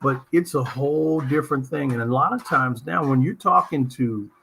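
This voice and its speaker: A middle-aged man from Southern California, hosting a talk show and telling anecdotes in an animated, emphatic way. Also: mid-range voice, normal speed, creaky, slight background noise. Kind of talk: conversational interview storytelling.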